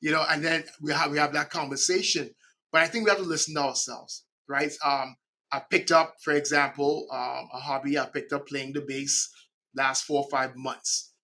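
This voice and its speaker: A middle-aged man from the Caribbean, a podcast guest speaking in an animated way and often checking in with "right?". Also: a little high, moderate pace. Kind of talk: conversational interview.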